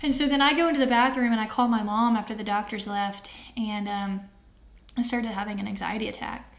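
A woman's voice: mid-range voice, fairly even intonation, brisk. A woman in her thirties telling a personal story as an interview guest, candid and heartfelt, with many fillers. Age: 30s.

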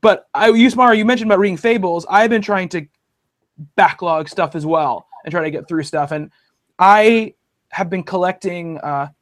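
A man's voice: high-pitched, normal speed. A man hosting a casual podcast chat about comic books, talking in a rambling way with many fillers and restarts. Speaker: podcast host.

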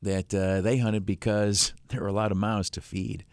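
A man's voice: fairly low pitch, little pitch movement, normal speed, no echo, studio quality. A man in his fifties hosting talk radio, telling a folksy story in a rambling way with many fillers and chuckles. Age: 50s. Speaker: radio talk show host. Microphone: studio microphone, dry.

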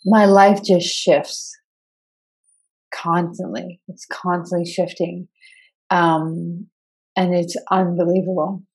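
A woman's voice: fairly low pitch, little pitch movement, slow, pauses often, darkish tone, slightly rough. A woman hosting a podcast interview, chatty and enthusiastic in a casual conversational way. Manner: chatty and enthusiastic, with many fillers like "like". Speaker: podcast host.

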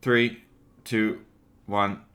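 A man's voice: fairly low pitch, little pitch movement, extremely slow, a bit bright. A man co-hosting a casual movie review podcast, teasing his co-host and keeping time.

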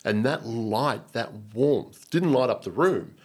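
A man with an Australian accent telling an emotional personal story as an interview guest, earnest and animated, often repeating and restarting his words. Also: mid-range voice, slow, slightly rough.

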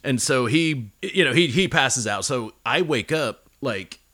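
A man's voice: medium pitch, lively intonation, a little slow, pushed and bright. A man co-hosting a podcast, telling a rambling story in casual chat and swearing often. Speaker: podcast co-host.

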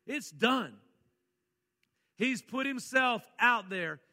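Folksy preacher in an echoey hall. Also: male voice, extremely high pitch, animated, slow. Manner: folksy, reads scripture then swings between soft asides and loud emphatic calls. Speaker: pastor. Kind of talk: sermon.

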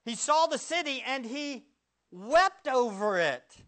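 A male pastor preaching a sermon, firing rhetorical questions at the congregation and swinging from loud bursts to hushed words. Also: very high voice, expressive, takes it slowly.

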